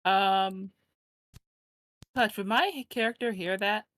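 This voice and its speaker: A woman's voice: mid-range voice, takes it slowly, a bit bright, no room sound. A woman playing in a tabletop game, hesitant with many fillers. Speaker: player.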